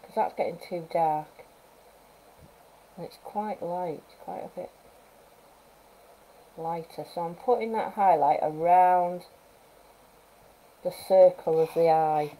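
A woman with a mellow, slightly low voice talks casually through a live painting lesson. She thinks aloud as she works and adds gentle coaching asides for viewers. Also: fairly even intonation, takes it slowly, pauses often, slight background noise, low-quality recording. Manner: chatty, thinks aloud while working. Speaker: wildlife artist teaching painting. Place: art studio at home, live stream.

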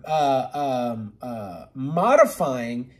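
An earnest man leads a casual online Bible study from home, pushing through passages at speed. He leans hard on repeated words to drive a point home, with a middle-pitched voice. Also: big pitch swings. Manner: earnest, repeats words for emphasis, rushes reading. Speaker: Bible teacher.

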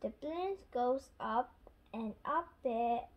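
A child reading a picture book aloud slowly and carefully, sometimes stumbling over words. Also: medium pitch, expressive, dull audio. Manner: slow, careful, sounding out words with slips. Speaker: story reader.

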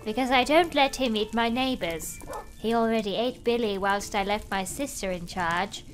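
A woman voicing a deadpan creepy girl. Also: on the high side, moderate pace, soft background music, natural voice.

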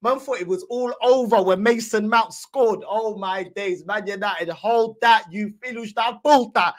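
A woman's voice: medium pitch, measured pace. A woman hosting a football reaction channel, giving casual commentary with teasing, slangy banter and frequent laughs.

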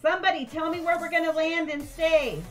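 A woman's voice: very high-pitched, fairly quick, soft background music. An older woman live-streaming a game, chatting with viewers and thanking them by name.

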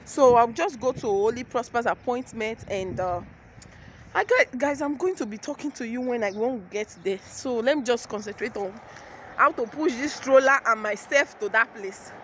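This young Nigerian-accented woman speaks at a normal speed in a fairly high voice, with a little hiss or hum on the recording. Out on city streets pushing a stroller, she chats casually to her phone camera, rambling and exclaiming as she keeps restarting her retelling of annoyances.

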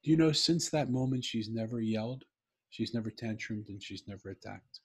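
A man's voice: lowish voice, moderate pace, breathy edge. A middle-aged man, a podcast guest, telling a personal story in an earnest, heartfelt, emphatic way.

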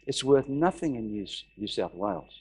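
A man's voice: on the low side, normal speed, slightly rough. A middle-aged man preaching a sermon, telling a story and acting out the voices of the people in it. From Australia. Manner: animated, acts out quoted voices, repeats phrases. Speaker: pastor.

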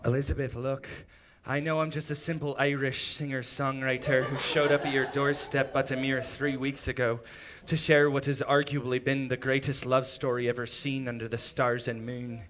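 A man's voice: medium pitch, level tone, normal speed, hardly any pauses, background noise, close to an everyday voice. A man playing a mock-earnest Irish singer-songwriter. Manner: mock-earnest, grand then blunt. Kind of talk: live comedy sketch.

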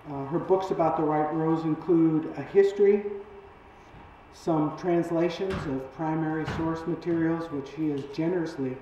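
A man gives a halting formal introduction for a guest lecturer, pausing on fillers as he goes. He sounds far from the microphone, and the recording is dull and muffled. The sound rings with heavy echo from a large hall. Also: a little high, steady tone, mellow, slight background noise. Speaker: event host introducing the speaker.

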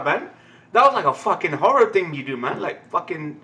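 A young man giving a live anime reaction, excitable and ranting, swearing constantly. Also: on the high side, normal speed. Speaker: anime reaction channel host.

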